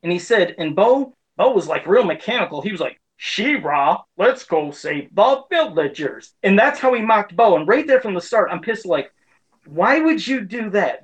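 A man's voice: sits high, poor audio. A man in his forties giving a casual, heated opinion rant as a pop culture commentator, indignant and frustrated.

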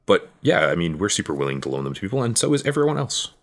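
A man with an extremely deep voice talks in a casual conversation. He rambles thoughtfully, filling pauses with "um" and "you know" as he works through his points. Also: big pitch swings. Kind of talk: casual chat.

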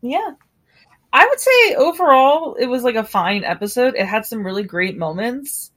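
A woman co-hosting a podcast, recapping an episode in casual chat, animated and laughing often. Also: fairly high pitch, normal speed. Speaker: podcast co-host.

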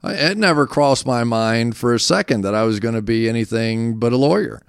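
A man, a football analyst, telling animated, self-deprecating stories in a casual interview. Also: medium pitch, fairly quick, vocal fry, clean tone, dry recording, studio quality.

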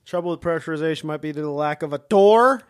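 A man's voice: a little high, fast talker, clean tone. A young man co-hosting a podcast, telling vivid stories and swearing casually. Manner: animated storyteller, swears. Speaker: podcast co-host. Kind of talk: casual chat.

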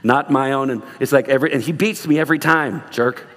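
A man's voice: medium pitch, fairly quick, fairly bright tone, long reverb tail. A male pastor preaching a sermon in a church, earnest with humorous asides, then leading a closing prayer. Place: church sanctuary.

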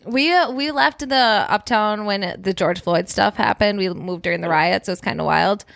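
A woman's voice: mid-range voice, normal speed, gravelly, a bit bright. A young woman with a Minnesota accent, co-hosting a podcast in a bubbly, chatty way. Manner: bubbly, laughs often. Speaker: podcast co-host. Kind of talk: casual chat.

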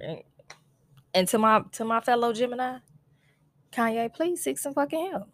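A woman's voice: on the high side, very animated, normal speed, pauses often. Blunt, exasperated woman podcast host. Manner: blunt, exasperated, profane, with frequent "like" fillers. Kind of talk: casual solo podcast rant.

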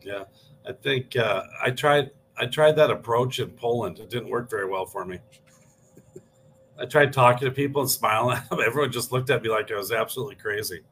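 A man's voice: mid-range voice, brisk, fairly bright tone, a little hiss or hum. A man co-hosting a casual real estate talk, easygoing and telling stories. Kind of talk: casual chat.

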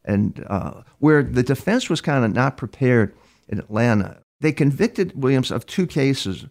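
An older man, a criminal profiler being interviewed, telling stories in a halting way, repeating words and acting out quoted dialogue. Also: mid-range voice, lively intonation, darkish tone. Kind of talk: storytelling interview answers.

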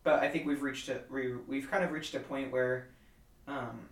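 A man's voice: medium pitch, fairly even intonation, moderate pace. Chill guy rambling on a podcast, lots of ums, sounds far off the mic in an echoey room. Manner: rambling, hesitant, many fillers and restarts, laid-back. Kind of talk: casual conversational chat. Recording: roomy sound from a distance off the mic.

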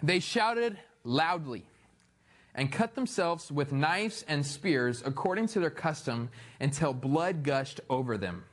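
A man preaching a sermon, reading scripture aloud and adding playful, animated asides. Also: medium pitch. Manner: reads scripture aloud then comments. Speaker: pastor.

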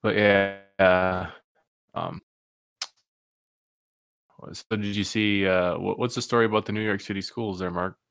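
A man's voice: low voice, level tone, measured pace, long pauses, a bit bright, clear, resonant tone, dry recording. A man co-hosting a casual political chat, dropping dry wisecracks. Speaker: podcast co-host.

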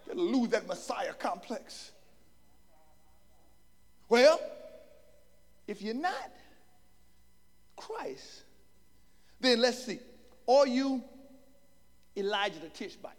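A preacher man with a very high, gravelly voice delivers his sermon with emphatic bursts of shouting. His pitch swings widely, and the long reverb of a hall rings behind him. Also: big pitch swings, slow, long pauses.

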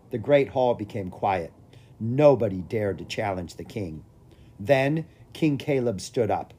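A reader narrating a children's fantasy storybook aloud with lively expression. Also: mid-range voice, a little slow, slightly rough. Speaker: audiobook reader.

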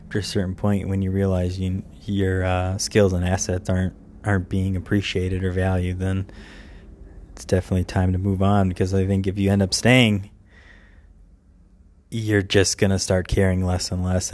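A man co-hosting a podcast who talks calmly and reflectively and often chimes in with agreement. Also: low voice, moderate pace, a little hiss or hum. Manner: calm, reflective, with agreeing interjections. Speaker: podcast co-host. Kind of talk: casual conversation.

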